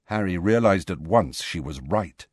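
A man reading a novel aloud as an audiobook narrator, in a measured storytelling manner. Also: low-pitched, lively intonation, husky, no room sound, clean studio sound. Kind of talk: scripted narration.

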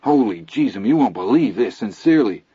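A man voicing an excitable boy who is out of breath and bursting with news, in a dull lo-fi recording. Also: mid-range voice, fairly quick, breathy edge, no echo, voice pushed up, full character voice. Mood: eager.

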